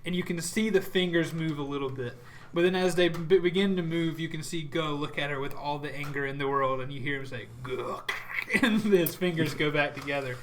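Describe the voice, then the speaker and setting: A man's voice: a little high, brisk, slight background noise. Laughing man narrating as dungeon master. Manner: vivid, gory combat narration with frequent laughs. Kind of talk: narrating a tabletop game.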